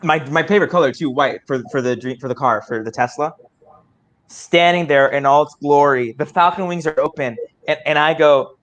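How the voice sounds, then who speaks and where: A young improv performer, his pitch fairly high and his delivery brisk, tells a comic story over a video call. He's worked up and rambling, with frequent stammering restarts.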